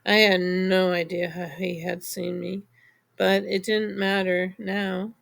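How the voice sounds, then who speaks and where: A woman narrating a novel in the first person, in measured storytelling. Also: fairly low pitch, level tone, gravelly, a bit bright. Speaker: audiobook narrator. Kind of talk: scripted audiobook narration.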